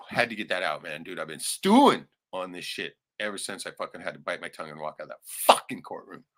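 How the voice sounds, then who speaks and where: A man hosting a casual livestream, rambling and swearing often, suddenly turning loud and excited. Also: sits low, fairly quick. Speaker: livestream host.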